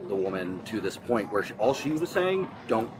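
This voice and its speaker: A man's voice: on the low side, sing-song, brisk, very noisy. A man giving a casual, hesitant witness account to police, with many fillers, recorded on an officer's body camera. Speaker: witness passenger. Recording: bodycam audio with busy crowd.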